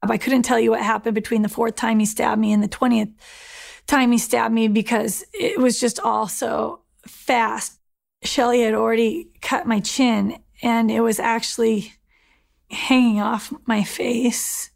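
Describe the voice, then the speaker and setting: A woman speaks in a documentary interview about an attack she lived through, and her voice sits a touch high with a gravelly fry. She talks earnestly, taking the listener back through each moment in plain terms. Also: little pitch movement, measured pace. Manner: earnest, reliving events, with plain spoken retelling. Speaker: survivor telling her story.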